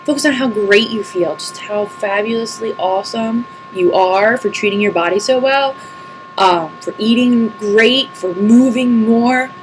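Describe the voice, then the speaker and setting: A woman's voice: on the high side, unhurried, slight background noise, low-quality recording. Chatty woman vlogging at home. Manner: chatty and rambling, laughs often. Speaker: vlogger answering viewer questions. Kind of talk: casual chat to camera. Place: empty house, alone at a computer. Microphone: computer mic.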